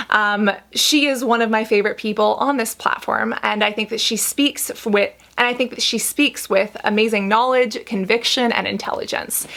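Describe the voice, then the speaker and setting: A woman's voice: on the high side, vocal fry, a bit bright. A young woman, a YouTube skincare creator, talking earnestly to camera with lots of fillers. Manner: earnest, chatty, many fillers. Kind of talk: direct-to-camera explanation.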